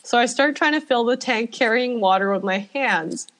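A woman co-hosting a casual podcast, reading a listener's story aloud with lively delivery and frequent laughter. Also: a little high, moderate pace. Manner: animated storytelling, laughs often. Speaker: podcast co-host.

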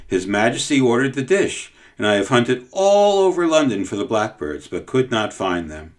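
A fat, desperate royal cook from a storybook reading, his voice pushed up high and swinging anxiously about, performed by a man. He talks fast and eagerly and frets about his master's orders. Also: sing-song, close to an everyday voice. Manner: eager, fretful, pleading.

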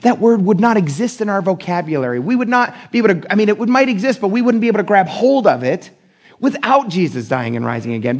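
Male pastor, higher voice with gravel, talks to the congregation casually and acts out quotes with pitch jumps. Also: fast talker. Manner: conversational and animated, acting out quoted voices. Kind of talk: sermon.

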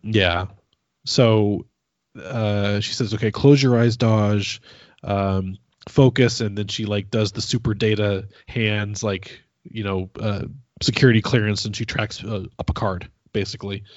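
Podcast co-host, male, lowish voice, loose rambling recap delivery, dull dry home recording. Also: fairly even intonation, measured pace, no room sound. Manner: rambling, plays out scenes in quoted voices. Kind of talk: casual chat recapping an episode.

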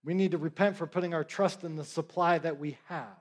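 Middle-aged preacher guy, kinda high voice, jokes around and keeps asking the crowd "right?". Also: fairly even intonation, a little fast. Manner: joking asides, checks in with the crowd. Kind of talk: conversational sermon.

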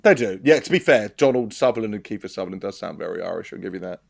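A man's voice: on the low side, animated, fast, vocal fry, no room sound. Sweary podcast guy, dry sound. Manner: sweary, jokey banter. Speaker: podcast co-host. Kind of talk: casual chat. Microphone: podcast mic.

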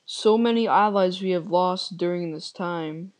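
A woman plays up a comedic confession with theatrical, deadpan despair. She talks slowly and drags her words out, in a voice sitting a little low for a woman. The gloom is played straight for laughs. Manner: overly dramatic, deadpan despair. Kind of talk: mock-serious comedic confession.

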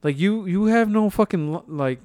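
A man's voice: high voice, animated, moderate pace, darkish tone, no echo, studio quality. A young man from Chicago telling a rambling, profane story in casual chat, full of restarts. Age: young adult.

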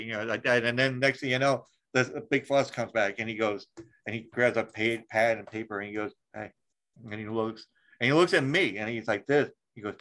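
A man's voice: medium pitch, fairly quick, fairly bright tone, low-quality recording. A man hosting a podcast in casual chat, rambling with lots of fillers, restarts and swearing. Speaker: podcast host.

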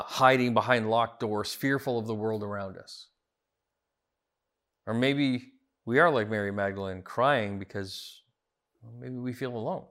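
A man's voice: mid-range voice, a bit bright. Earnest man preaching a sermon. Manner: earnest, rising emphatic repetitions. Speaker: pastor.

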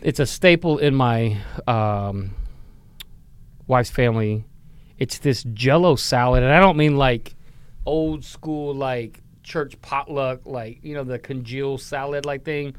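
A man's voice: mid-range voice, slow pace, clean tone, no room sound. A man who laughs often, co-hosting a casual podcast chat about family holidays. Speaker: podcast co-host.

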